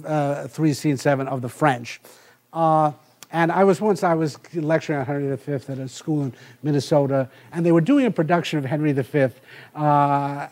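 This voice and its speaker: A middle-aged male professor giving a university lecture, halting with many filler sounds and restarts and reading passages aloud. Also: a little high, a little mellow. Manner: reads passages aloud from the text.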